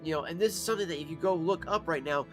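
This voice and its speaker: A man rants on a live stream, exasperated and swearing freely as he talks. His voice sits somewhat high for a man. Faint background music plays underneath. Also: rapid-fire. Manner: profane, exasperated ranting. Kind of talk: casual live-stream rant.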